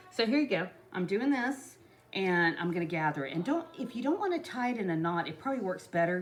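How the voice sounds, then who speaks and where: A woman chatting casually and rambling through a home DIY tutorial, full of asides to her viewers. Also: mid-range voice. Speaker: craft vlogger. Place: home kitchen.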